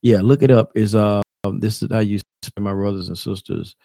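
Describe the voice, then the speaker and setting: A man's voice: lowish voice, fairly even intonation, a little fast, gravelly, dark tone, dry recording. A man hosting a talk radio show, preaching loosely to listeners as his brothers and sisters and often restarting his phrases.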